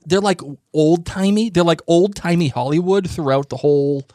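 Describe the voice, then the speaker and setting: His voice a little high and darkish in tone, a man co-hosting a podcast chats eagerly about a TV episode at a moderate pace. The casual recap is teasing and full of restarted sentences, recorded in studio quality with no echo.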